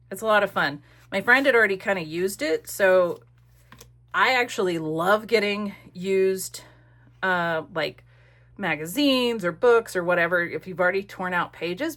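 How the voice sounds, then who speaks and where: A woman's voice: fairly low pitch, a bit bright. A woman chatting casually and rambling with many fillers in a crafting vlog, recorded at home on a desk camera. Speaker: crafting vlogger.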